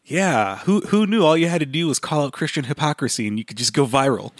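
Rambling, excitable podcast co-host man. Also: on the high side, fast talker, no echo, clean studio sound. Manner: rambling, excitable, sarcastic asides. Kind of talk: casual chat.

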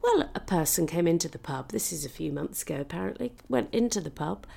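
A British woman comedian tells a comic story in a lively, swooping voice with a gravelly edge. She swears freely and often drops into whispered asides. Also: fairly low pitch, brisk. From Britain. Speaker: comedian and podcast host.

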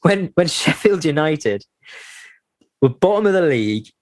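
A man's voice: a little high, sing-song, a little slow, no echo. Casting: jokey male podcast co-host in his thirties, dry close sound. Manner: jokey, laughs often. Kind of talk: casual football podcast chat.

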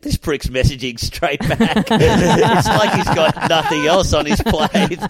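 A man's voice: mid-range voice, no room sound. A man, a guest comedian, telling a rambling story in casual podcast chat and laughing mid-sentence.

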